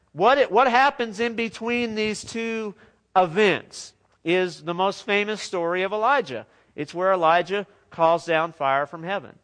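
A man preaching a sermon in a lively, conversational way with joking asides. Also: high-pitched.

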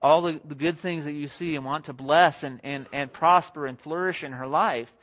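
A young married man preaching a sermon to a congregation in a conversational, self-deprecating way, slipping into quick acted-out quotes. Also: a little high, fairly even intonation, fairly bright tone. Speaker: pastor. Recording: dull lo-fi sound.

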